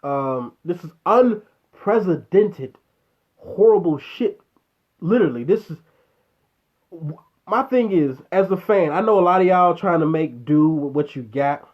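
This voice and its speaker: A man's voice: on the high side, expressive, moderate pace, dull audio. A man hosting a casual live chat, ranting bluntly and with a lot of profanity at a viewer's comment. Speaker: show host.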